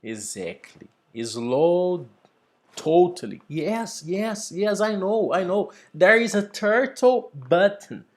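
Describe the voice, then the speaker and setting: A man teaching an English lesson over a video call, slow and deliberate, building up example sentences. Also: high voice, very animated.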